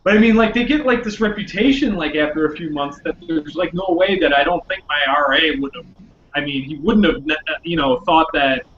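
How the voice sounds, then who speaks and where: A man's voice: fairly high pitch, brisk, a bit bright, roomy sound, dull audio, a little hiss or hum. A man on a casual podcast, rambling and saying "like" a lot. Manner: rambling, heavy use of "like". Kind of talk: casual chat.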